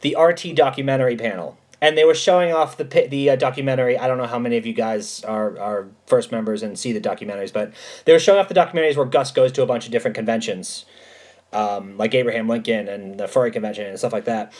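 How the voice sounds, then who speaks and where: A man hosting a casual livestream, answering chat and telling stories in an emphatic, animated way with plenty of swearing. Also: mid-range voice, fast talker.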